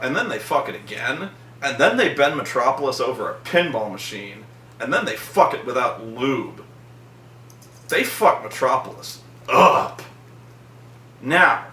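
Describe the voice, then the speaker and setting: A man hosting a vlog, ranting casually and profanely about a film. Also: medium pitch. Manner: profane, animated ranting with mocking put-on voices. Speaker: vlog host. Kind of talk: casual movie-review rant. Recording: echoey room, mic at a distance.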